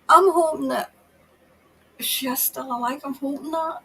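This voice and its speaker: A woman tarot reader doing a psychic reading on a livestream. She talks in an emotional, halting way and sometimes drops to a whisper. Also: high-pitched, sharp tone, low-quality recording.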